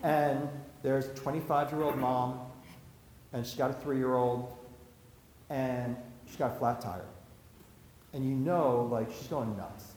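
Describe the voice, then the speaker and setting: A man's voice: fairly high pitch, normal speed, a little hiss or hum. A man teaching about Jewish law to a live audience, talking casually with stories and acted-out quotes. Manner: conversational, anecdotal, acts out quotes. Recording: echoey hall, faint ambience.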